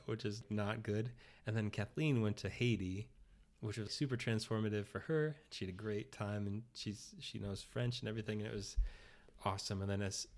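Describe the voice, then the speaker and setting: Young man, low-pitched, easygoing storyteller, heavy on "like", an interview guest. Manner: chatty, many fillers like "like", acts out quoted dialogue. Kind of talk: casual storytelling conversation.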